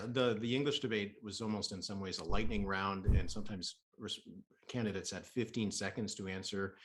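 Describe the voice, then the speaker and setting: A man hosting a political podcast, explaining in a measured, analytical way and slowing for emphasis. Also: lowish voice, fairly bright tone. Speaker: podcast host.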